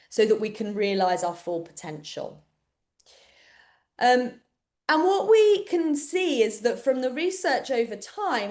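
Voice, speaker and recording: A British woman walks through a topic in an online webinar. Her voice sits a little high for a woman, and her talk stays conversational, with fillers and restarts. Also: darkish tone. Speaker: webinar presenter.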